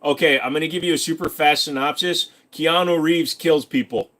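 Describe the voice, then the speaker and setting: A man's voice: fairly high pitch, normal speed, hardly any pauses, a bit bright. A young man hosting a casual live stream, reading questions from chat aloud and answering them in a rambling, joking way.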